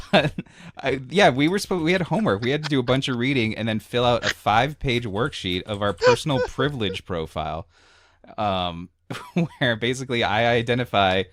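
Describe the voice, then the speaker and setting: A man's voice: medium pitch, big pitch swings, moderate pace, a bit bright. A man on a podcast telling a long, rambling story in a casual chat, full of fillers and little laughs. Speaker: podcast co-host.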